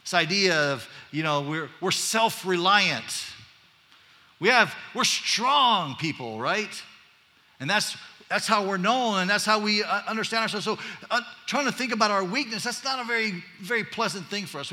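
Brief: man, pastor, bright high-ish voice, easygoing sermon with jokes, echoing hall. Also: animated, normal speed. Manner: casual and chatty, asks "right?", joking asides. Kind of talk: conversational sermon. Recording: long reverb of a large hall.

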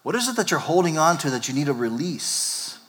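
A male pastor preaching a sermon, animated and acting out the disciples' lines in character voices. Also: fairly high pitch, fairly quick. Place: church sanctuary. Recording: long hall reverb.

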